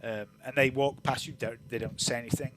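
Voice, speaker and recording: A man running a tabletop game as game master, narrating in a relaxed, rambling way with lots of fillers. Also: medium pitch, brisk, a little hiss or hum.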